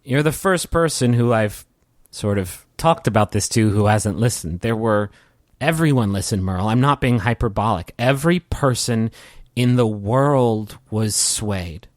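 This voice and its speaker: A man voicing a calm, wistful male villain who speaks for a world-devouring hunger, in a soft, unhurried, faintly sorrowful way. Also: lowish voice, no echo, studio quality, natural voice.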